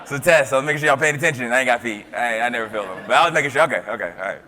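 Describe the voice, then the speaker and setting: A young man gives a motivational keynote, telling his story with big swings between loud bursts and near whispers. His voice is bright and forward. It rings out with a long reverb through a large hall. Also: mid-range voice, racing. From Tennessee. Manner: storytelling with lively swings from loud to hushed, repeats words. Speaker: motivational speaker.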